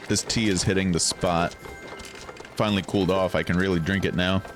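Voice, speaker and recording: A man's voice: deep voice, fairly even intonation, a little fast, over music. Wry young man streaming a game. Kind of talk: casual game commentary.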